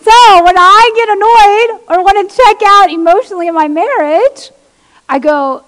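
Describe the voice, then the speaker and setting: A woman, a pastor's wife, giving an animated testimony sermon to women and acting out quoted voices as she tells stories. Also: very high-pitched, moderate pace. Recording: long hall reverb.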